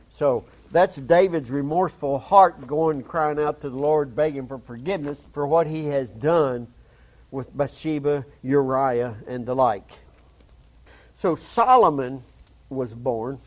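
A man's voice: mid-range voice, a little mellow. A man preaching a sermon, reading a psalm aloud and explaining it in plain, folksy words to his listeners. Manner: reads scripture slowly, explains in plain everyday speech.

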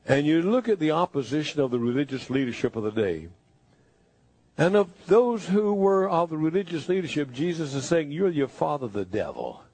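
A man preaching a sermon, speaking in first person as Jesus and moving between hushed, slow lines and emphatic bursts. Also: on the high side, slightly rough, dry recording.

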